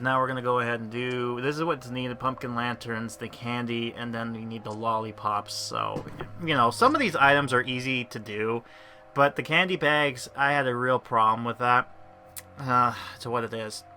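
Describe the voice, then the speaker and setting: A man casually commenting over his gameplay in a chatty, rambling, excitable way. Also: medium pitch, clear, resonant tone. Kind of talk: casual let's-play commentary.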